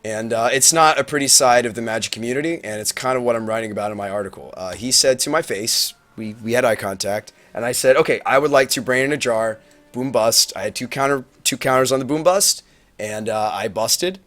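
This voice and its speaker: A man telling a tournament story on a livestream, rambling and animated, acting out quotes with big swings in his voice. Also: mid-range voice, brisk, soft background music. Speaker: Magic player recapping a tournament on a livestream. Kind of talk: casual storytelling to a stream audience. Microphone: webcam mic.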